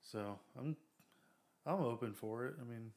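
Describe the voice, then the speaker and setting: A young man co-hosting a casual podcast, relaxed and jokey, who tosses in short remarks. His voice is at a middling pitch for a man. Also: measured pace. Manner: laid-back, joking, short remarks. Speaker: podcast co-host. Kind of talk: casual chat.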